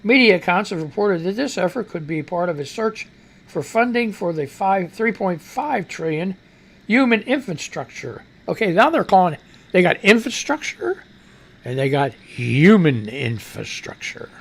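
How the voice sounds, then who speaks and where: A man hosting a talk radio show, ranting about the news in a profane way, reading news items aloud with asides, his voice climbing high whenever he gets excited. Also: moderate pace.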